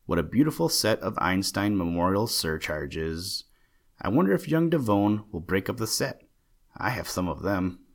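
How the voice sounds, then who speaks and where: A man voicing a fussy, excitable old male stamp collector with a chattering, genteel manner. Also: deep voice, normal speed, heavily acted. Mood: ecstatic. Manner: chattering, genteel, easily indignant.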